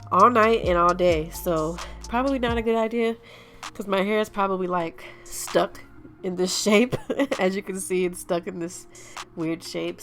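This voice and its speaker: A young woman talks through a home hair tutorial with a stuffy, blocked-nose sound and short breath. Her voice sits a bit low with a gravelly fry, and she chats to viewers in a loose, apologetic way. Faint music plays underneath. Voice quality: nasal, stuffy-nosed. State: out of breath, congested. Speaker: hair vlogger. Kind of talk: casual hair tutorial vlog.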